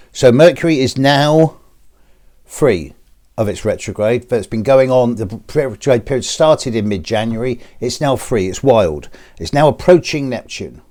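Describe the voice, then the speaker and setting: A man's voice: mid-range voice, a little mellow. A man hosting his own channel, talking casually to camera with a chatty, wry manner. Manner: chatty, wry joke-telling. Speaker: astrologer, channel host.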